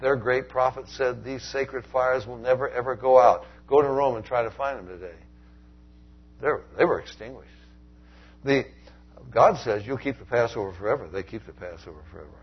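Husky man preaching with swings in force. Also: moderate pace, lo-fi sound. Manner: animated, swings from loud emphasis to low asides. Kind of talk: sermon.

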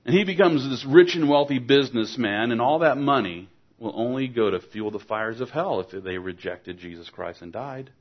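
A man's voice: medium pitch, normal speed, few pauses. Man preaching, earnest, exhorting, dull lo-fi recording. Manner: earnest, exhorting, rhetorical questions. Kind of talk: sermon.

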